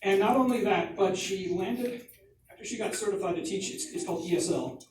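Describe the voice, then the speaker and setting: A man's voice: high-pitched, a little fast. Man in 40s doing rambling stand-up. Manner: rambling, conversational, self-mocking. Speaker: comedian. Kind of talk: stand-up comedy. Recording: echoey distant mic, background noise.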